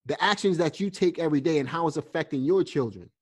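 A man's voice: fairly high pitch, fast talker, a little mellow, husky. A man hosting a podcast, talking earnestly and encouragingly, with frequent fillers and restarts. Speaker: podcast host. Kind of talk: casual podcast interview.

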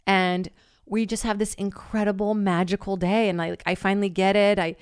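A woman telling a long story in casual chat, animated and swearing freely, with lots of "like" and loudly acted-out quotes. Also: mid-range voice, normal speed, clear, resonant tone, dry recording, clean studio sound. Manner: heavy use of filler "like".

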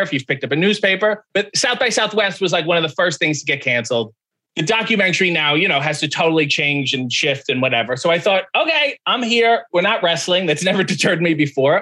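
A man guesting on a podcast, telling a story in casual chat and acting out the voices of the people in it. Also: fairly high pitch. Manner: animated, acts out quoted voices.

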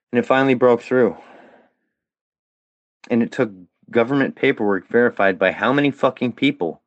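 A man rants in anger, swearing freely and swinging his pitch up and down as he pushes back. The sound is dry and a little dull, like a lo-fi recording. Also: dry recording. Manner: profane, heated and defiant. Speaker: guest. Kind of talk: angry rant.

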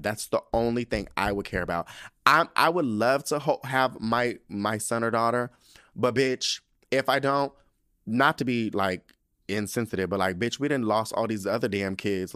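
A young man hosting a podcast, giving a casual episode recap as a profane, animated rant full of slang. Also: lowish voice, no echo, clean studio sound. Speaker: podcast host.

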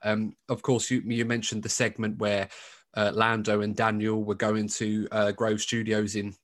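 A man's voice: lowish voice, completely flat delivery, moderate pace. Chatty male podcast co-host. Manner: chatty, many asides and restarts. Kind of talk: casual podcast chat.

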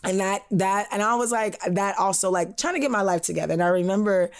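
Young woman podcast co-host, casual and lively, slips into voices for the people in her stories, middling pitch. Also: fairly quick. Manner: animated storytelling, acts out quoted voices, frequent laughs. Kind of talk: casual chat.

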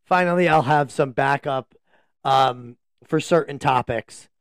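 A man's voice: mid-range voice, a little slow, smooth, dry recording. A man co-hosting a casual podcast from a home laundry room, teasing his guests and laughing often, leaning close into a table microphone. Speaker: podcast co-host. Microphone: close table mic, leaning in.

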